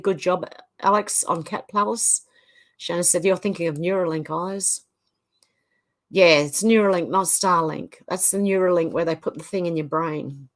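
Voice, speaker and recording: A middle-aged woman hosting a livestream, reading viewer comments aloud and chatting loosely between them. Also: fairly low pitch. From Australia. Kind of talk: casual chat.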